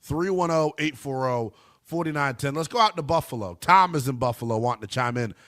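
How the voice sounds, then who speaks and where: A man hosting a call-in sports radio show, talking to listeners in an emphatic, animated way. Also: mid-range voice, brisk. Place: radio studio.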